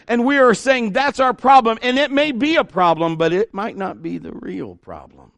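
A middle-aged pastor preaching an animated sermon, acting out the people he quotes. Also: very high voice, moderate pace, creaky, no echo.

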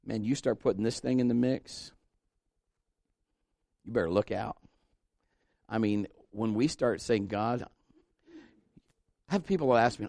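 Gravelly, fervent preacher man. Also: medium pitch, a little slow, long pauses, darkish tone, dry recording, clean studio sound. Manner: fervent, exhorting, rising to emphatic peaks. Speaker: pastor. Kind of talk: sermon with altar call prayer.

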